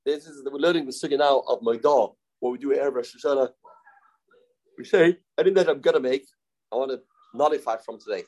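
Man, Talmud teacher, mid-pitched voice, halting self-correcting explanations, acts out quoted speakers. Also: expressive, a little mellow, rough recording. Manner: explains in English, mixing in Hebrew and Aramaic terms, acts out quoted speakers. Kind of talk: Talmud study class.

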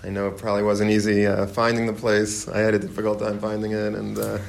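A man addressing a gathering of guests, pausing often with fillers, then teaching from religious texts. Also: lowish voice, monotone, vocal fry, a little hiss or hum. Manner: halting, many fillers. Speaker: speaker at a community gathering.

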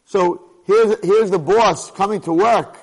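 A middle-aged man teaches a Torah class in a large hall, captured in a rough recording. His voice is high and a little slow, and he speaks emphatically, leaning on rhetorical questions and often restarting his sentences.

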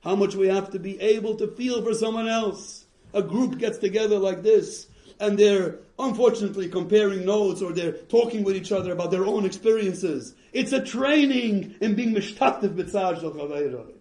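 A man giving a talk to parents, telling stories in an animated way, mixing in Yiddish and Hebrew phrases. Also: sits high, normal speed, roomy sound. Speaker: rabbi giving encouragement to parents. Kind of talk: Yiddish-laced storytelling talk.

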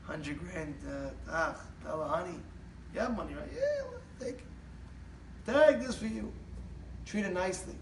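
Man playing a calm old rebbe, soft and low, measured, echoey room, distant mic. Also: creaky, background noise, exaggerated voice. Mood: coaxing. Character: calm older male rebbe giving counsel.

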